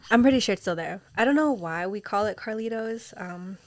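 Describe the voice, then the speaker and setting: A woman in a casual chat, talkative and quick to finish her partner's sentences. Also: medium pitch, lively intonation, no echo, clean studio sound. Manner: chatty, finishes the other's sentences.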